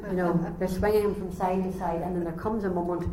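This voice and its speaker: Woman preacher, lively storyteller, echoey room, faint background hum. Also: fairly low pitch, fairly quick. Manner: animated storytelling, acting out voices. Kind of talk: sermon.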